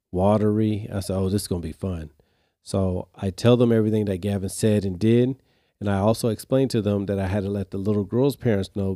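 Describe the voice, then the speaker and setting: Recorded dry with clean studio sound, this male podcast host has a warm voice on the low side. He tells a story in a relaxed, lively way, addressing his audience directly in slang as his exasperation builds.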